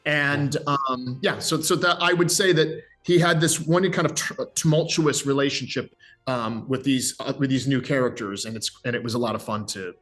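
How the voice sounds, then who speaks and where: A man speaking as a voice actor in an interview, telling stories in an animated, energetic way with many restarts. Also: medium pitch, moderate pace, soft background music. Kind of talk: interview chat.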